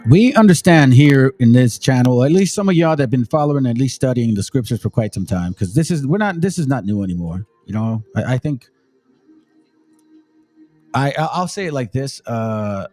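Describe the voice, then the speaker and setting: A man's voice: medium pitch, big pitch swings, normal speed, warm tone, soft background music. A man hosting a channel, giving blunt, preachy commentary on video clips, swearing freely and reading scripture aloud in a stately cadence.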